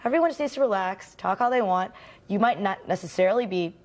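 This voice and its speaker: A woman's voice: mid-range voice, animated, fast talker. A woman panelist on a late-night talk show, opinionated and dismissive in casual chat.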